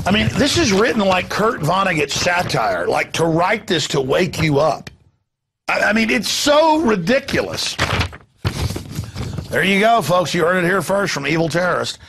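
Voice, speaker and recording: Gravelly sarcastic male news ranter. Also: a little hiss or hum. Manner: sarcastic, mocking, heated; jumps between loud bursts and low asides. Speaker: host. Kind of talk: ranting news commentary.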